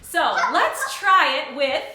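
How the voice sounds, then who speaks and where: A woman's voice: sits high, sing-song, slow pace, sharp tone. A woman teaching a children's music class, singing nursery songs and cheerfully coaxing the kids to join in. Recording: echoey room.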